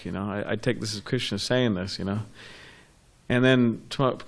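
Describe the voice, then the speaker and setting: A man's voice: on the low side, steady tone, a little fast. A man in a class, telling a story casually and rambling with fillers and restarts. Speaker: class participant.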